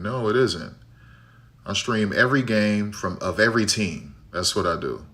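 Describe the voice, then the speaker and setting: A man's voice: lowish voice, normal speed, fairly bright tone. Blunt, opinionated streamer man. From Chicago. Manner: blunt, opinionated, repeats "right?". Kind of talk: live game-watch commentary and rant.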